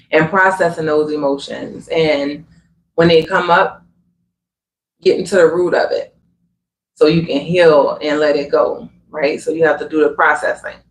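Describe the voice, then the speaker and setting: A man hosting a livestream, talking earnestly and conversationally about spiritual growth, often adding "you know what I'm saying". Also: fairly high pitch. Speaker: livestream host. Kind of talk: reflective spiritual talk. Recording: echoey room with faint ambience.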